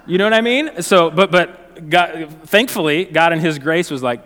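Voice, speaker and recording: A male pastor preaching a sermon in a conversational, animated way, telling stories and often restarting phrases. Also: on the high side, normal speed, hardly any pauses, in a large hall.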